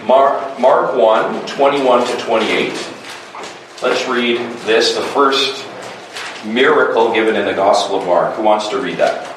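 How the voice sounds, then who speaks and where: A man's voice: mid-range voice, noisy background. A man leading a Bible class, reading verses and constantly quizzing his students with short questions. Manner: keeps quizzing the group with quick questions. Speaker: Bible study teacher. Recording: echoey room from a distant mic.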